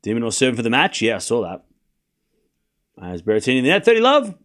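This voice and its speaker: A man's voice: on the low side, fast talker, a bit bright. A young man hosting a live tennis watchalong, chatting casually with his stream chat and calling the score in a rambling way. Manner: chatty, rambling, with fillers and restarts.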